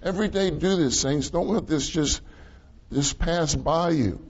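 A man preaching a sermon, his voice pitched a little high. He talks in a conversational way and repeats key phrases for emphasis. The recording sounds muffled and lo-fi. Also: measured pace, a little mellow, slightly rough.

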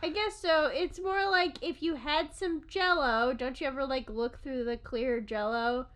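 High-voiced woman chatting, animated and swearing. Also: measured pace. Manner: animated, laughing, swearing, acts out quotes. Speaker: podcast co-host. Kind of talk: casual chat.

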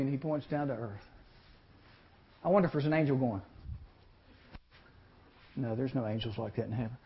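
A man preaching to a teen group, telling a Bible story and acting out its voices with lively energy. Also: mid-range voice, measured pace, long pauses, heavy background noise. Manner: animated, acts out voices in the story. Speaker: youth speaker. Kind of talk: storytelling sermon. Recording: lo-fi recording.

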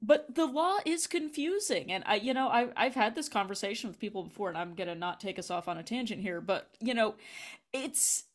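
A woman hosts a podcast, talking casually at a middle pitch. She is chatty and relaxed in tone, peppering her sentences with "you know." Her manner stays conversational throughout. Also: fairly quick. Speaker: podcast host.

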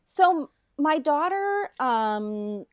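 A woman in her thirties, co-hosting a podcast, telling a story in casual chat, animated, swearing freely and laughing often. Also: high voice, very slow, no echo, studio quality. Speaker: podcast co-host.

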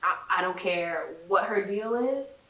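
A woman co-hosting a podcast, telling an animated anecdote in casual slang with frequent laughs. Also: mid-range voice, a little slow. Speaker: podcast co-host. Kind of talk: casual storytelling chat. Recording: roomy echo with faint hiss.

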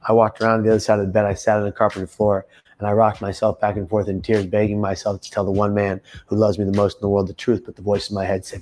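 A man in his thirties telling his own story in an emphatic testimony, rising to loud intense bursts. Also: lowish voice, little pitch movement, quick pace, a little hiss or hum. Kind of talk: personal testimony monologue.

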